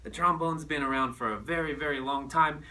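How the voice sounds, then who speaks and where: A man teaching a recorded music lesson to children, animated and playful as he demonstrates. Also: on the high side, brisk, distant mic.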